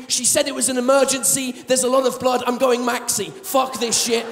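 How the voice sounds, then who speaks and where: An English man in his thirties doing self-mocking stand-up comedy on a theatre stage, with animated storytelling and plenty of swearing. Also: very high-pitched, brisk, few pauses, background noise. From England. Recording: live theatre hall reverb.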